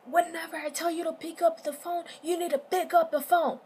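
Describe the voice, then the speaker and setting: Angry young man yelling and accusing, pitched high and loud, put on by a woman storyteller. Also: fairly even intonation, brisk, slight background noise. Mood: threatening. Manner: shouting, accusing, repetitive.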